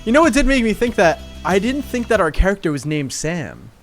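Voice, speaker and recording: Guy streaming a game, kinda high voice, bouncy jokey energy, faint music under him. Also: fairly quick. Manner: excitable, jokey, coos in baby talk. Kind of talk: live gaming commentary.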